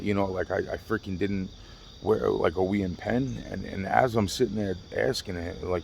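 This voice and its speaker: A man's voice: low voice, normal speed, creaky, slight background noise. A man telling rambling, profane stories to his camera in a casual vlog, repeating himself and restarting often. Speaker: vlogger.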